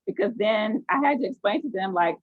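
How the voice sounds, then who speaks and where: An American woman teaches an online class, quizzing her students and telling animated stories in a mid-range voice with lively intonation and a slightly fast pace. The sound is dry with no room echo, coming through tinny, phone-like video call audio.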